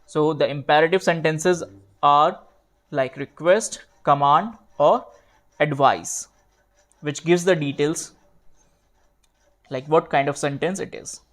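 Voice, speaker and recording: A man teaching grammar at a slow pace, repeating himself and correcting his own slips while writing out examples. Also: fairly high pitch, fairly bright tone. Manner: slow, repetitive, fillers and self-corrections. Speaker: English teacher.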